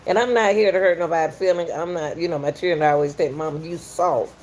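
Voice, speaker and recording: A middle-aged Southern woman from Atlanta hosts a live stream, greeting viewers again and again in a homey, country way. Her voice sits a little low for a woman. She talks loosely and casually with her audience. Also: fast talker, a little mellow, a little hiss or hum. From Atlanta, USA. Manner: welcoming, repetitive, folksy, reads out chat. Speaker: podcast host.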